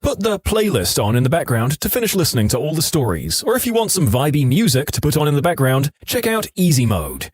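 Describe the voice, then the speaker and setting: Lively, expressive male story narrator. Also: a little high, brisk, few pauses, husky, dry recording. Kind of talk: scripted narration of online stories.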